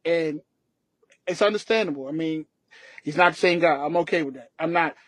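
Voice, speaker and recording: A man's voice: a little high, normal speed, no room sound. A man co-hosting a sports podcast, ranting emphatically in casual talk. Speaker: podcast co-host.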